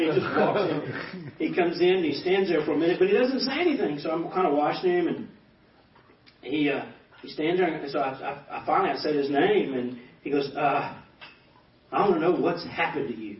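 A man in his fifties, a pastor giving a personal testimony, animated and acting out quoted dialogue as he tells stories. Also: fairly high pitch. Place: banquet hall. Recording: echoey hall, distant dull mic.

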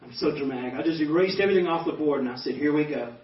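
A man in his fifties, a pastor giving a personal testimony, animated and acting out quoted dialogue as he tells stories. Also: fairly high pitch, very fast. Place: banquet hall. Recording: echoey hall, distant dull mic.

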